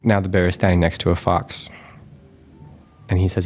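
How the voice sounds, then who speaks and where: A man reading his picture book aloud and describing its pages in a calm, dry, matter-of-fact way. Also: sits low, brisk, pauses often, soft background music.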